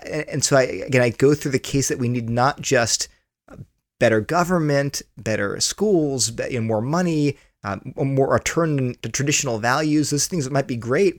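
Man, author guest, earnest explainer, mid pitch, dry recording. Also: moderate pace, dry recording. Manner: earnest, explains with stories, repeats words while thinking. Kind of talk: conversational interview answer.

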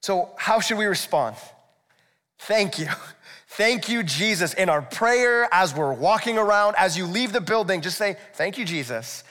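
A man's voice: high voice, expressive, a little slow, pushed and bright. Man preaching in an echoey hall. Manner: conversational, explanatory preaching with rhetorical asides. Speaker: pastor. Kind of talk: sermon. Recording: echoey hall, long reverb.

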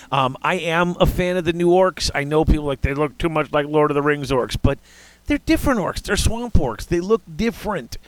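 A man's voice: a little high, brisk, fairly bright tone, no echo. A man hosting a casual hobby chat, rambling with restarts and fillers. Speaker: podcast host.

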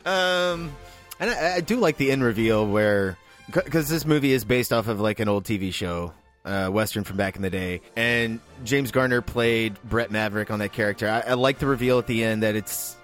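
A man's voice: fairly low pitch, normal speed, a bit bright, faint music behind. A man co-hosting a casual movie podcast, rambling with lots of filler words and restarts. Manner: rambling, hesitant, many fillers. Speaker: podcast co-host. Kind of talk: casual movie-discussion banter.

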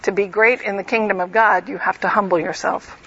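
A woman's voice: mid-range voice, steady tone, fairly quick, a bit bright, muffled recording, a little hiss or hum. A woman teaching a Bible lesson, reading a passage and then explaining it in a conversational way with humorous asides.

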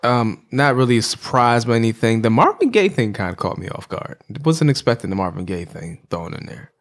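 A man co-hosting a casual chat, retelling stories in a relaxed way. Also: medium pitch, a little fast.

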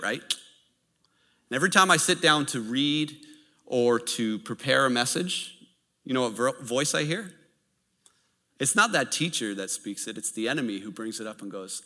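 A man preaching a sermon in an animated, storytelling way, with occasional laughs. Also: mid-range voice, moderate pace. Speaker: pastor. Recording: reverberant hall.

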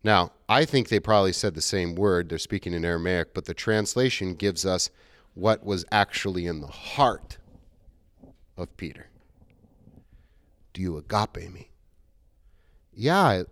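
A man's voice: low-pitched, no echo. A middle-aged male pastor giving a conversational sermon, acting out quoted dialogue as he goes.

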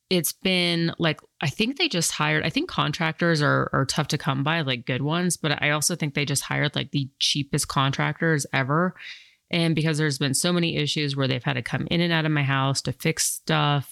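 Chatty woman host with gravelly edge. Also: low voice, normal speed, a bit bright, no room sound, studio quality. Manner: chatty, rambling, many fillers. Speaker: podcast host. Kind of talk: casual podcast chat.

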